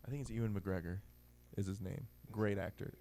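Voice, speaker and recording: A man's voice: lowish voice, brisk, crowd noise. A man co-hosting a podcast in casual chat, with a dry, offhand delivery. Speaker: podcast co-host.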